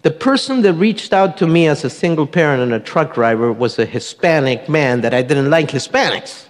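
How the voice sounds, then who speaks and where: A man's voice: on the high side, lively intonation, moderate pace. A middle-aged man giving a personal testimony to a congregation, an earnest storyteller who acts out the voices he quotes. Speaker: church member giving testimony. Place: church sanctuary. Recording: long church hall reverb.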